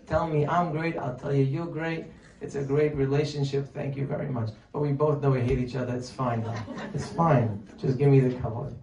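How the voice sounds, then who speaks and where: Male preacher, mellow voice from a distance in a roomy hall, lively rhetorical delivery. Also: a little high, normal speed, few pauses. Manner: animated, rhetorical questions, acts out pleading voices. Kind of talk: sermon. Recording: distant mic, echoey room, faint noise.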